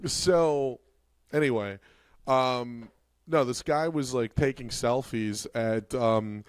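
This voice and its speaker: A man's voice: mid-range voice, clean tone, no echo. Rambling man on a comedy podcast. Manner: rambling, halting with many fillers and restarts. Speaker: podcast co-host. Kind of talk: casual comedy podcast chat.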